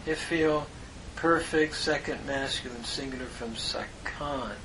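A man giving a lesson on Hebrew grammar, speaking in a measured way with pauses and frequent "uh" fillers as he spells out terms. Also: medium pitch, a bit bright, slight background noise, low-quality recording. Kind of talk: slow explanatory lecture.

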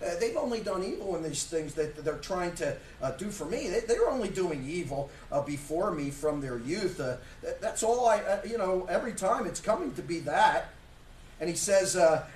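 A man pastor preaching a sermon, emphatic and full of rhetorical questions, at times shouting. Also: high voice, big pitch swings, normal speed, slight background noise. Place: church sanctuary. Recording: echoey church room from far off.

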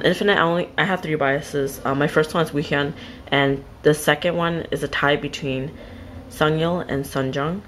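A woman with a low-pitched voice chats casually through an unboxing, gushing over each item. Her bursts of excitement alternate with soft, near-whispered asides. A faint background noise sits under the recording. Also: poor audio. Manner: gushing, excitable, repeated exclamations; drops to soft near-whispers while handling items. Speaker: vlogger unboxing a trade package.

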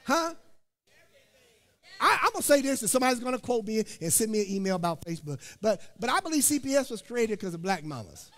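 High-voiced animated preacher man. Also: fast. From Indiana. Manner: animated, joking, calls out to the congregation. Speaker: pastor. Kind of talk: sermon. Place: church sanctuary. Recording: long church hall reverb.

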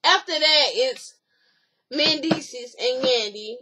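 Animated woman vlogger. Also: sits high, takes it slowly. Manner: animated, acts out quotes, swears freely. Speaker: YouTube recap host. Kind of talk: casual reality-show recap.

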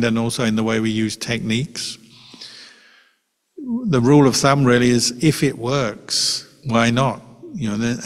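A male monk teaching in a reverberant hall. His voice sits at an ordinary middle pitch. He answers questions calmly and reassuringly, taking his time and pausing between thoughts. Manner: calm, unhurried, reassuring, with pauses. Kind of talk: answering questions in a dharma talk.

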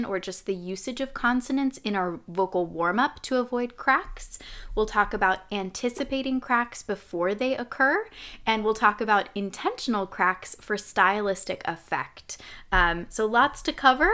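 A young adult woman teaching a live singing lesson as a vocal coach, explaining clearly and demonstrating sounds. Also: a little high, sharp tone.

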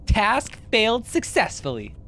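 A woman's voice: on the high side, huge pitch swings, unhurried, a bit bright, slight background noise. A young woman streaming a horror game, panicking, swearing and laughing as she plays.

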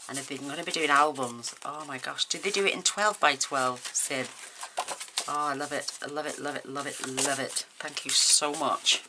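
Deep-voiced woman gushing over gifts. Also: steady tone, normal speed, background noise. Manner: gushing and emotional, exclaiming over each item. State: tearful at times. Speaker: crafting vlogger opening happy mail. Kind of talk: casual chat to camera.

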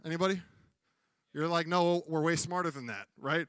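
A man's voice: on the high side, normal speed, a bit bright, smooth, dry recording, studio quality. A man preaching a sermon as pastor in a church, talking conversationally and acting out funny exchanges. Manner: conversational preaching with comic acted-out quotes.

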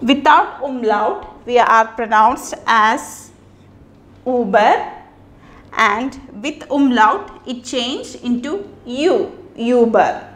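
Slow-paced teacher woman, echoey room. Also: a little high. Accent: Indian English. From India. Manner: slow, repeats each word twice, pauses between phrases. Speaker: language teacher. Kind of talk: slow classroom lesson on pronunciation.

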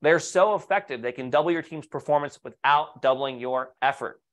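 A man's voice: medium pitch, brisk, a bit bright. Upbeat man coaching on leadership. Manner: upbeat, persuasive, tells client stories and asks rhetorical questions. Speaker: leadership coach presenting to architects. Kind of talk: online webinar presentation.

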